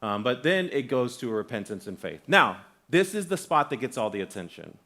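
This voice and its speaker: A young male guest pastor preaches to a church congregation in a loose, conversational way. He tells stories with energy, jumps into other people's voices, and often restarts his sentences. His pitch sits in a middle range for a man. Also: normal speed. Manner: animated storytelling, acts out quoted voices. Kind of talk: sermon. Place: church sanctuary.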